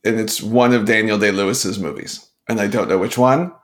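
A man co-hosting a casual movie podcast, speaking in a relaxed and unhurried way. He hesitates often and fills pauses with uhs and likes as he thinks aloud. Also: fairly low pitch. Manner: laid-back, hesitant, many fillers. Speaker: podcast co-host.

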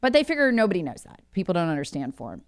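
A woman's voice: lowish voice, big pitch swings, rapid-fire, clean tone, no echo, studio quality. A woman speaking as a guest commentator, alarmed and insistent, often repeating words for emphasis.

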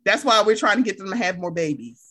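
A woman co-hosting a podcast in casual chat, playful and laughing, slipping into quick impressions of friends. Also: mid-range voice, animated, bright, forceful tone. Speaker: podcast co-host.

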